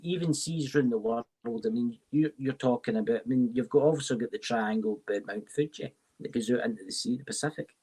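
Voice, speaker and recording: Husky-voiced rambling male podcast guest. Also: medium pitch, fairly quick, hardly any pauses, dark tone. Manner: rambling, with lots of fillers and restarts. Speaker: podcast guest, tarot reader. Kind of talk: casual chat.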